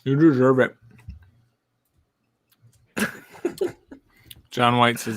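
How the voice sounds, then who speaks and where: Male live-stream host, rambling casual chatter, mid-pitched, dry close sound. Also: takes it slowly, pauses often, no echo. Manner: rambling, animated, lots of fillers. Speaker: podcast host.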